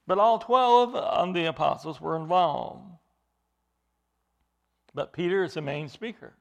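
A man preaching an expository sermon, emphatic, with his voice rising into loud bursts. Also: sits high, lively intonation, a little slow, gravelly, pauses often.

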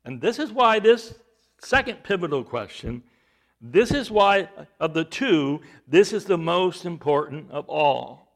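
A man preaching a sermon, emphatic, with rhetorical questions and swings between loud and hushed delivery. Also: on the high side.

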